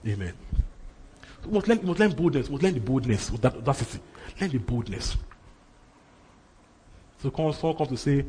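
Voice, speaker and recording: Animated preacher in a reverberant hall. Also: male voice, mid-range voice, fairly quick, long pauses, husky. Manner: animated, emphatic, repeats phrases. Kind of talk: sermon.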